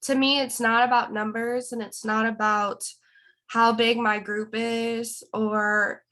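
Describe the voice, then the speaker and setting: A woman's voice: fairly high pitch, level tone, takes it slowly, sharp tone. A woman giving an earnest motivational talk to her team on a call, a bit nervous. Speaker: guest speaker on a team call.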